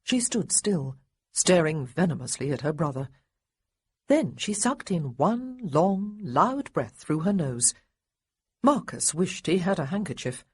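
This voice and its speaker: A woman narrating an audiobook with lively, expressive storytelling. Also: fairly low pitch, a little slow, husky, no room sound. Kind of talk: scripted narration.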